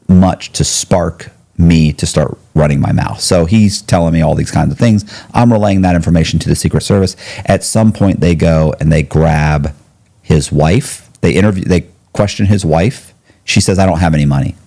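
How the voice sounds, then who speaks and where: A middle-aged man with a very low, mellow voice recounts a story in a casual interview. He rambles with slang, swears freely and restarts his sentences often. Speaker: interview guest.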